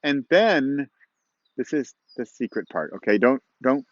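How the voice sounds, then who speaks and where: A man's voice: mid-range voice, lively intonation, unhurried, no room sound, highs cut off. A man hosting his own show in casual, encouraging talk, chatty and rambling with playful asides, recorded outdoors at dawn. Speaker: host of a motivational podcast-vlog.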